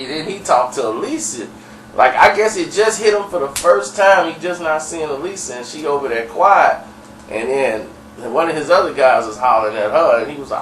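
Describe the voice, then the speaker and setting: Brief: man, casual storyteller, higher voice, rambling, recorded far from the mic in a roomy space. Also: lively intonation, normal speed, fairly bright tone, a little hiss or hum. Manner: rambling, laughing, full of fillers. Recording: echoey room, far from mic, faint ambience.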